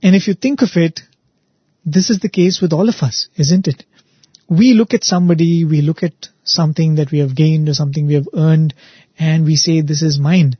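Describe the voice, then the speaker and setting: A man's voice: a little high, steady tone, normal speed, breathy edge, no echo, lo-fi sound. A man giving an earnest spiritual talk, telling a story and often asking "right?" for emphasis. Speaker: spiritual speaker, show host.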